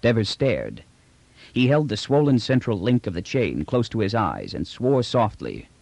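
A man narrating an audiobook in measured storytelling fashion. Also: lowish voice, wildly swooping pitch, gravelly, a little mellow, no room sound. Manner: measured storytelling voicing each character.

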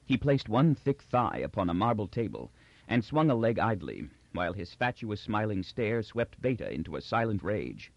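A man narrating a science fiction story in a steady, expressive reading voice. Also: lowish voice, moderate pace, creaky, no room sound. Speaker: audiobook narrator. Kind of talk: scripted narration. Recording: dull lo-fi dry recording.

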